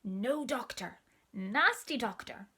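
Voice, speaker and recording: Storybook: woman reader as a shy little sick girl, cross and growly, drawn-out words. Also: on the high side, expressive, pushed and bright, slightly rough, heavily acted. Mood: sulky. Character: small sulky shy girl, unwell.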